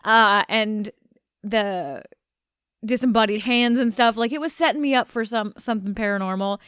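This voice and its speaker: A woman's voice: medium pitch, normal speed, a bit bright, smooth, no echo, studio quality. A woman co-hosting a horror film podcast in casual chat. She laughs often and swears casually. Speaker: podcast co-host.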